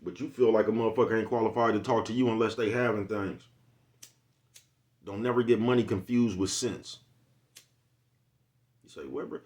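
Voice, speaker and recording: A man's voice: on the low side, fairly even intonation, normal speed, long pauses, darkish tone. A man in a casual, rambling vlog monologue, cursing freely and asking "you know what I'm talking about" again and again. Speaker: vlogger.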